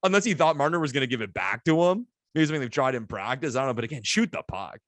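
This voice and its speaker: Excitable man on a dry mic. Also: medium pitch, very fast, no room sound. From Canada. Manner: excitable, animated storytelling with laughs. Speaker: podcast co-host. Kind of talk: casual sports podcast chat.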